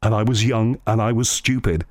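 A man's voice: lowish voice, moderate pace, no echo, studio quality. A man from England, a radio host, telling earnest stories in casual chat. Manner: storytelling, earnest, animated anecdotes.

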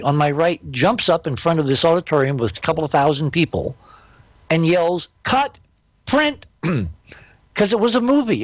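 A man's voice: mid-range voice, no room sound. An older man, a guest in an interview, telling a long story in an emphatic, impassioned way.

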